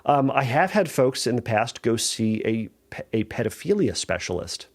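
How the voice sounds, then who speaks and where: A man's voice: mid-range voice, very animated, normal speed. A middle-aged man, a therapist hosting a podcast, giving earnest, reassuring advice and thinking aloud with small restarts. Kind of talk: solo podcast advice talk.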